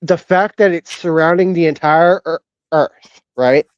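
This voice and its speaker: A man co-hosting a casual online chat show, talking in a hesitant, halting way with many fillers and restarts. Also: fairly high pitch, smooth, no echo, dull audio. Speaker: co-host.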